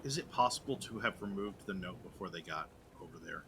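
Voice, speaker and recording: A man's voice: deep voice, expressive, fairly quick, creaky, fairly bright tone, slight background noise. A man playing in a tabletop horror game, joking playfully with the table. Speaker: player. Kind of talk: casual tabletop game banter.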